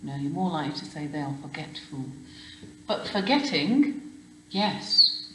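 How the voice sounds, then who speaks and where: A woman's voice: low-pitched, animated, measured pace, a bit bright, reverberant, a little hiss or hum, low-quality recording. A woman teaching a children's spelling lesson, explaining patiently step by step and checking with questions. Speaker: primary school teacher.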